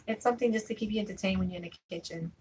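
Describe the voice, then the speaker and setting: A woman's voice: mid-range voice, very fast, darkish tone, husky, low-quality recording. A young adult woman chatting casually with viewers on a live stream, full of fillers and asides. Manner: chatty, fillers like "you know what I'm saying".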